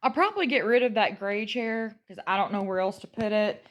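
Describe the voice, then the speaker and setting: A woman chatting casually to camera as a vlogger, thinking aloud and trailing off softly. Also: medium pitch, fairly quick. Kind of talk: casual vlog chat.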